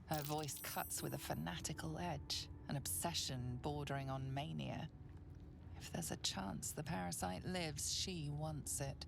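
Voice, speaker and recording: A woman voicing a mysterious, ominous female game narrator who speaks in a hushed, whispering way. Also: low voice, unhurried, gravelly, background noise, full character voice.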